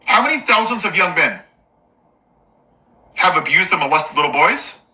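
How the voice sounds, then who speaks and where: Male political commentator, angry rant, sarcastic asides, very bright tense tone, swooping animated pitch. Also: normal speed, rough recording. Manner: angry, emphatic listing. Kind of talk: impassioned political rant to camera.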